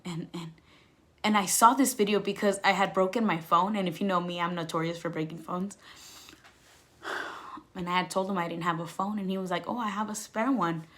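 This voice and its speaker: A young woman recounts her own story for her viewers in a casual vlog voice, candid and emphatic. She leans on "like" and "you know" all through her talk. Her level swings from loud outbursts down to soft, almost whispered stretches. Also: mid-range voice. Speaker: vlogger.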